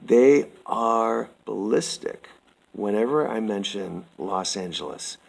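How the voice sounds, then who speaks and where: Gravelly-voiced man reading a formal statement. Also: fairly low pitch, rough recording. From Canada. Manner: slow, formal and earnest, addressing the listener as sir. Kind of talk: reading a prepared statement aloud.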